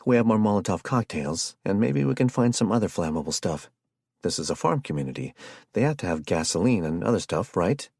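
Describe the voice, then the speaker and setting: Un hombre que interpreta a un superviviente bromista y protector que da órdenes con seguridad. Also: male voice, low-pitched, sing-song, creaky, a little mellow, slightly rough, no echo, studio quality, heavily acted. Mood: wry. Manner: joking, quick to snap orders. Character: wisecracking male survivor leader, protective. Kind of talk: audiobook character voice.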